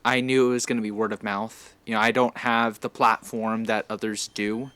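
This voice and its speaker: Podcast host guy, earnest and a bit halting, crisp clear voice. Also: on the low side, flat delivery, bright, forceful tone, no echo. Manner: earnest, halting explanation with restarts. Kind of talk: casual interview chat.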